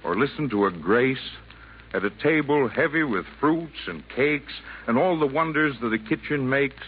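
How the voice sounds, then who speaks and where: On a tinny 1940s radio broadcast with faint hiss, a man acts as a calm, wise Santa Claus, gently lecturing in rhyming verse. His voice is mid-range and close to an everyday voice, with a moderate pace and an earnest mood.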